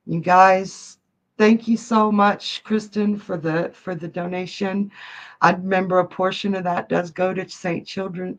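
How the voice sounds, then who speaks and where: A woman's voice: on the low side, steady tone, unhurried, rough recording. A woman giving psychic and tarot readings on a live stream, emotional and laughing often as she reads out viewers' messages. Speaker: psychic medium and card reader.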